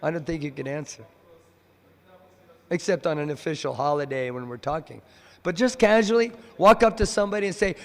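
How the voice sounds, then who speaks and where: A man giving a devotional lecture in a temple, an animated storyteller who acts out the voices of the people in his stories. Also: on the high side, moderate pace, vocal fry. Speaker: visiting speaker at a temple. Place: temple hall. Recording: long temple hall reverb.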